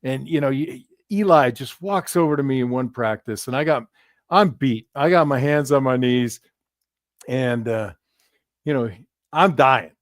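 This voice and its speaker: Smooth-voiced man telling football stories. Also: medium pitch, unhurried, no room sound, studio quality. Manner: tells lively anecdotes, often acting out the voices of others. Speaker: podcast co-host and former player. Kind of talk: casual sports podcast chat.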